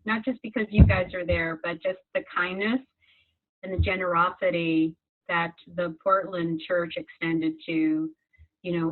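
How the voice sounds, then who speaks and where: A woman guest talking in a warm, gracious and heartfelt way over a video call. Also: lowish voice. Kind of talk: casual heartfelt chat. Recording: tinny video-call audio.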